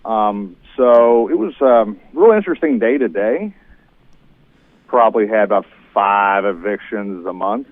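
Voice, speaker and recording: A man calling in to a radio show to tell about his job as a property manager, halting with fillers. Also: lowish voice, no echo. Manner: halting, plain storytelling. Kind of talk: phoned-in radio interview. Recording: tinny dry phone line.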